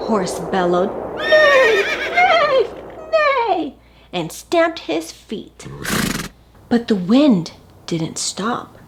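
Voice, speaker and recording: A woman hosting a children's story time, reading a picture book aloud in a playful, expressive way. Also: mid-range voice, heavy background noise.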